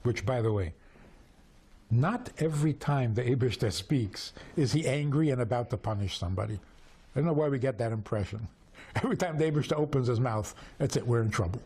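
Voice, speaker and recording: A man teaching Torah through storytelling, animated and full of rhetorical questions. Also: medium pitch, fairly quick, slightly rough. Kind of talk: storytelling lesson.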